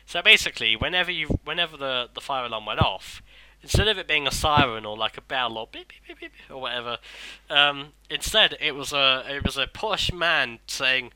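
Young man, casual sweary storyteller, very bright tone, dry close sound. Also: medium pitch, a little fast, no room sound, low-quality recording. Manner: rambling, sweary, restarts sentences. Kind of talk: casual chat.

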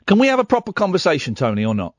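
A man's voice: high voice, wildly swooping pitch, racing, dry recording. A man hosting a late-night radio phone-in, talking in a combative, sarcastic way to callers.

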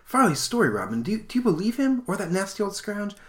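A man's voice: sits high, very animated, quick pace, a bit bright, voice pushed up. A man doing a bubbly teen superheroine. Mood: excited. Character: teen girl superhero, upbeat. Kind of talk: comic read aloud on a podcast.

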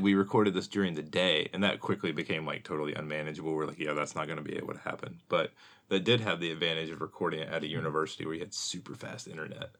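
A man's voice: extremely low pitch, steady tone, fast, a bit bright. A man co-hosting a podcast, explaining things in a rambling, casual way and laughing easily. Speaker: podcast co-host. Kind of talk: casual chat.

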